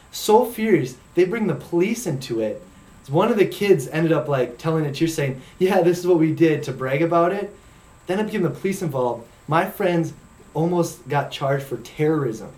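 Male co-host, fairly high voice, relaxed storyteller, roomy echo. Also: normal speed. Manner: rambling, laid-back anecdote teller. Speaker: podcast co-host. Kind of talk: casual storytelling chat.

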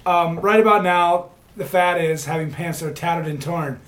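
A man's voice: a little high, moderate pace, noisy background. A man co-hosts a casual talk show and rambles through anecdotes. He talks in an easygoing, chatty way. He often laughs as he tells his stories. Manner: rambling anecdotes, laughs often, mimics other people's voices. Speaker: podcast co-host. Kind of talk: casual storytelling.

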